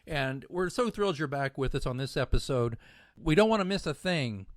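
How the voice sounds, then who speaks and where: A man's voice: lively intonation, moderate pace, no room sound, clean studio sound. Chatty man hosting a podcast. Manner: chatty, rambling, upbeat pitch for merch. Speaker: podcast co-host. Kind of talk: casual podcast chat.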